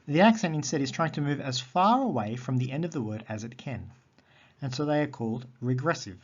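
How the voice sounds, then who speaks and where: A man teaching a recorded lesson on Greek accents, methodical and repeating key terms slowly. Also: medium pitch, expressive, husky, muffled recording.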